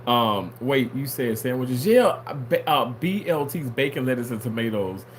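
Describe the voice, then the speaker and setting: A man's voice: mid-range voice, moderate pace, a little hiss or hum. A man talking casually on a livestream, reading viewer comments aloud and answering them in a playful way with frequent laughter. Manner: animated, playful, laughs often.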